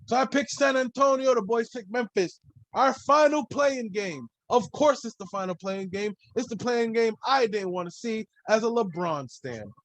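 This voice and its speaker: High-voiced casual sports podcast guy. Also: lively intonation, moderate pace, a bit bright, dry recording, low-quality recording. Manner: loose, rambling, swears freely. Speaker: podcast host.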